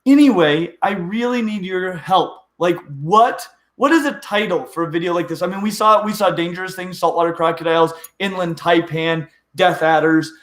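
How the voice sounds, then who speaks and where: A man's voice: high voice, normal speed, few pauses, a bit bright. Eager rambling man in an echoey room. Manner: rambling, restarts often, eager. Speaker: host of a reptile channel. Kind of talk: casual live-stream chat.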